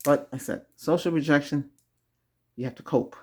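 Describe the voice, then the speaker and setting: A man's voice: on the high side, moderate pace, a little hiss or hum. A man hosting a Reiki video, giving casual spoken advice to viewers, chuckling often and repeating himself. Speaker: Reiki ASMR host.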